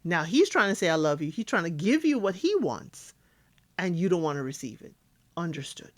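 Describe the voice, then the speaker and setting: A woman's voice: on the low side, sing-song, moderate pace. A woman giving casual recap commentary on a reality dating show, acting out cast members' lines as she talks.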